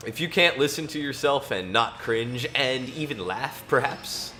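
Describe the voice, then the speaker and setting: A gamer chats to himself while playing a racing game, laughing often in self-amusement and reading scripture aloud in between. His medium-pitched voice is expressive, a little slow, bright and forceful, with faint music in the background.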